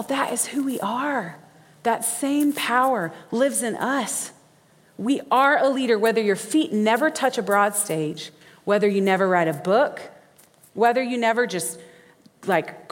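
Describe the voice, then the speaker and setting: A woman preaching a sermon, folksy and animated, acting out quotes as she tells stories. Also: a little high, slight background noise. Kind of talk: sermon with storytelling. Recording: reverberant hall.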